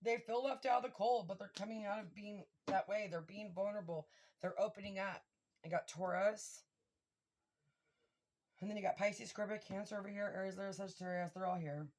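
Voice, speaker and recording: An excitable woman reads tarot cards for her viewers in an unscripted, chatty way. She swears freely and speaks straight to her audience, at a mid pitch typical for a woman. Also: fairly quick. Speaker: tarot reader. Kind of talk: casual tarot reading to camera.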